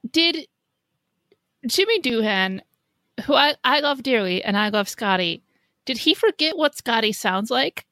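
A woman co-hosting a podcast, chatting in an animated, amused way and laughing a lot. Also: a little high, a little slow, long pauses, no echo. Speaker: podcast co-host. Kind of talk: casual chat.

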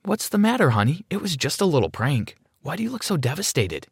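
A man's voice: a little high, sing-song, brisk, vocal fry, breathy edge, no room sound, studio quality, pitched above the performer's own voice, heavily acted. A man voicing a teasing mother, speaking in a lighter, coaxing tone. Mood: concerned. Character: teasing mother, playful, later worried.

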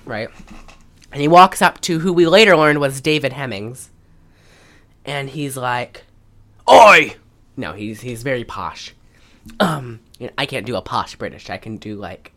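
A woman's voice: extremely low pitch, a bit bright. A woman hosting a podcast, recapping a film in casual chat and rambling with many fillers. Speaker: podcast host.

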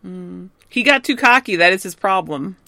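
A woman's voice: lowish voice, expressive, moderate pace, vocal fry, bright, forceful tone, no room sound. A woman co-hosting a podcast, chatting casually in a laid-back way, mostly with short agreeing replies. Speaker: podcast co-host. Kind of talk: casual chat.

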